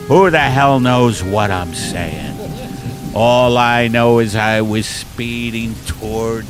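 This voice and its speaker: A man's voice: mid-range voice, slow pace, music in the background. A man hosting a comedy podcast, rambling through a surreal improvised story and chatting. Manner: rambling, surreal, self-interrupting. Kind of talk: absurd improvised storytelling and casual chat.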